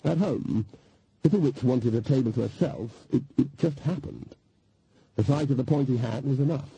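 A man reading an audiobook in scripted narration, with a wry, measured storytelling manner. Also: medium pitch, background noise.

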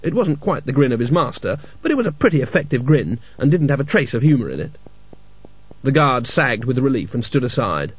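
A man narrating a comic fantasy novel as an audiobook in a dry, measured storytelling manner. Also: medium pitch, sing-song, slightly rough, no echo. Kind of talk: scripted narration. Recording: dull lo-fi audiobook recording.

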